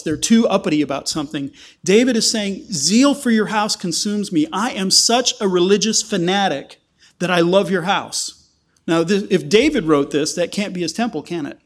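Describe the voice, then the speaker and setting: A man preaching an earnest sermon, often repeating words as he explains scripture. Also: high voice. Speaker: pastor.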